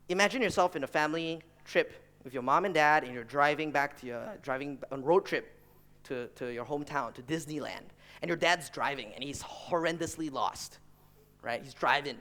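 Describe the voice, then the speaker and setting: A man in his thirties speaks to an audience, turning business advice into stories and acting out the people in them. His voice sits a bit high and sounds bright and forceful. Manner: animated storyteller who acts out family members and colleagues. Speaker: entrepreneur giving a talk. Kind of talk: stage talk with acted anecdotes.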